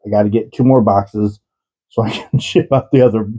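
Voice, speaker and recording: A man's voice: lowish voice, steady tone, fairly quick, dark tone, slightly rough, poor audio. A man talking casually about yarn and shipping on his vlog, giggly and often breaking into laughter. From United States. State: laughing to tears. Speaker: yarn vlogger. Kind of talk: casual chat.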